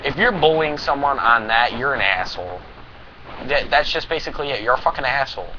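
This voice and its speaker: A man's voice: mid-range voice, lively intonation, brisk. A teenage boy ranting to camera, profane and rambling, with heavy emphasis. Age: teens. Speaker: vlogger. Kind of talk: anti-bullying rant to camera. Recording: dull lo-fi recording with clear noise.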